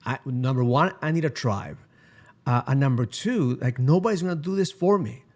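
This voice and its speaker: A man's voice: medium pitch, expressive, normal speed, a little mellow. A man hosting a podcast in casual conversation, earnest and reflective, with casual swearing. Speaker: podcast host.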